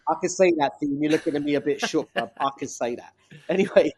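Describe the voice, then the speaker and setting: A man's voice: fairly high pitch, fast talker, slightly rough. A man in his forties, a guest rapper in casual podcast chat, laid-back and sweary, full of street slang and trailing restarts. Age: 40s.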